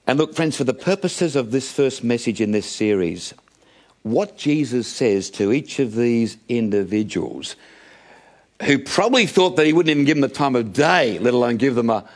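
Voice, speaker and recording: A middle-aged man preaching to his congregation in a mid-pitched voice. He tells Bible stories with drama and calls his listeners friends. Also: expressive, normal speed. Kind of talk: sermon.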